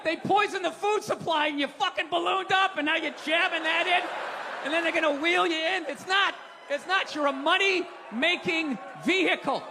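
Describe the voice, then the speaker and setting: A man doing a stand-up comedy set, ranting sarcastically with lots of profanity and frequent shouting. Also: very high-pitched. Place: comedy stage before a live audience. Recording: live show with crowd and noise.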